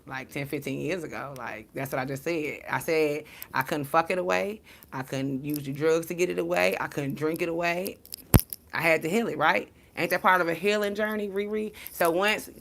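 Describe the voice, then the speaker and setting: A woman vlogger talking straight to her viewers about healing, blunt and profane, swinging between loud bursts and quiet murmurs. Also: lowish voice, gravelly, a little hiss or hum. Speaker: spiritual vlogger and card reader. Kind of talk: casual, heartfelt monologue to viewers.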